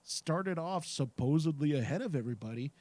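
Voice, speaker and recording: A man co-hosting a casual podcast discussion who talks in an animated way, laughs often and echoes his co-host's words. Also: a little high, a little fast. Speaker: podcast co-host.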